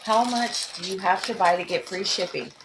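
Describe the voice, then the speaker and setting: A woman's voice: medium pitch, normal speed, noisy background. A middle-aged woman hosts a crafting livestream, chatting affectionately and greeting viewers by name while she demonstrates.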